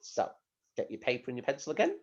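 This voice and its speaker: Talking fast with wildly swooping pitch around a medium register, a male primary school teacher gives a recorded lesson to young children, and his voice is very noisy. Still, he explains patiently, with clear instructions and rhetorical questions. The recording is dull and lo-fi.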